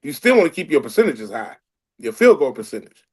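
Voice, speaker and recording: A man's voice: medium pitch, sing-song, a little fast, darkish tone, husky. Laid-back male comedian giving advice. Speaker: comedian guest. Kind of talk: casual chat, giving advice.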